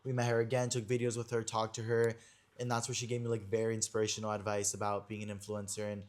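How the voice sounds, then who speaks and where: A young man hosting a podcast, telling a story in a gossipy, animated way with lots of filler words. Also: fairly low pitch, fast. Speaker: podcast host. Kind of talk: casual chat.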